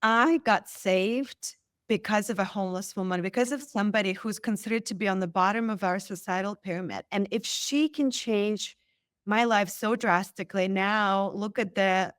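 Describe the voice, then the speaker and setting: A woman guest on a podcast, telling a personal story with lively acted-out quotes. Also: medium pitch, moderate pace, no echo, clean studio sound. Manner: animated, acts out quoted lines. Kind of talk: storytelling in an interview.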